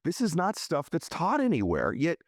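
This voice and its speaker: A man's voice: on the high side, huge pitch swings, moderate pace, dry recording, clean studio sound. A man hosting a podcast, asking his guest questions and speaking to his listeners with candid enthusiasm. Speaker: podcast host. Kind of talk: interview questions and commentary.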